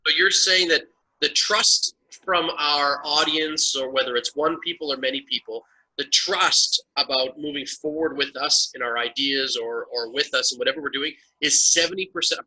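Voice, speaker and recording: A man's voice: fairly high pitch, normal speed, bright, forceful tone, slightly rough, poor audio. A man hosting an interview, asking questions in an upbeat way and summing up the guest's points. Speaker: interview host.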